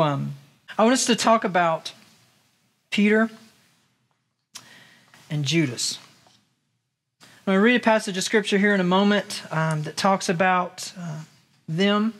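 Male pastor, high-pitched voice, casual sermon delivery with questions to the congregation. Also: fairly bright tone. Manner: conversational, rhetorical questions to the congregation. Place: church in Las Vegas.

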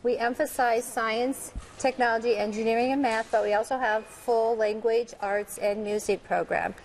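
A woman teacher describes her school and guides students through experiments for a live TV segment. She talks in a brisk, instructive, encouraging way. Her voice sits a bit high, over faint background noise. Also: steady tone. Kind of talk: explaining to a reporter on live TV. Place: middle school, indoors.

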